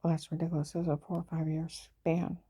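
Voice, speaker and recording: A woman's voice: sits low, level tone, fast talker, mellow, husky. A woman giving a rambling personal account in an aggrieved, insistent way.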